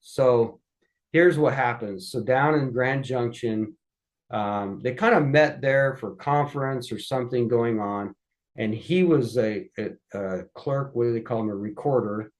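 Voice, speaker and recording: A man's voice: medium pitch, unhurried. A man, a podcast guest, casually telling family stories and animatedly acting out the people he quotes. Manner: animated, acts out quoted voices. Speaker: guest recounting family history. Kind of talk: casual storytelling.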